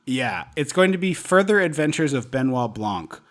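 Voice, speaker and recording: A man's voice: medium pitch, moderate pace. Chatty man rambling about movies. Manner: rambling, animated, laughs often. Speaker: podcast co-host. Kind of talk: casual movie podcast chat.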